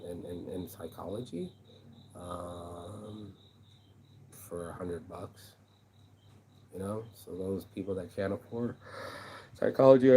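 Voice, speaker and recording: A man with a low, mellow voice vents in a loose, aggrieved monologue for his vlog. He swears often, repeats himself and restarts his sentences. The tone stays dark and unpolished throughout. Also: a little hiss or hum, poor audio. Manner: profane, rambling, aggrieved. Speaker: vlogger and shirt designer. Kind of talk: casual venting monologue.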